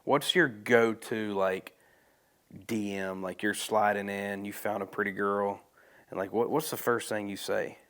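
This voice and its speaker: A man's voice: lowish voice, fairly even intonation, a little slow, a bit bright. Give me a man casually interviewing a guest on a podcast. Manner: casual, loose follow-up questions. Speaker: podcast host.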